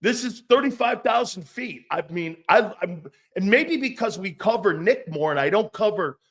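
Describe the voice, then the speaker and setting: Blunt, high-voiced sports talk host. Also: male voice, lively intonation, normal speed, a bit bright. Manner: blunt, profane, mocking put-on voices.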